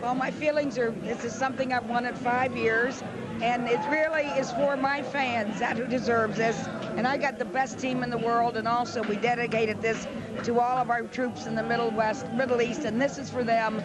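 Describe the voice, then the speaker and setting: A woman's voice: on the high side, fairly even intonation, moderate pace. A woman team owner giving rambling, emotional trophy remarks during a clubhouse celebration. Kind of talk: post-game trophy remarks. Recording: loud crowd noise behind.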